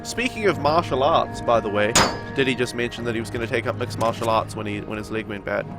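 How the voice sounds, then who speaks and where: A man's voice: mid-range voice, quick pace, loud music behind the voice. A young man with a nasal voice and a sore throat, chatting casually as he streams a game and answers his viewers. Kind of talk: casual chat during a live game stream.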